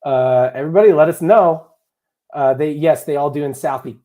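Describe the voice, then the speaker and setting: A man's voice: a little high, moderate pace, warm tone. A young man hosting a live draft stream, chatting casually and joking with viewers and co-hosts. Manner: jokey, chatty, talks to chat and co-hosts. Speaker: livestream host. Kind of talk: casual live chat reading viewer comments.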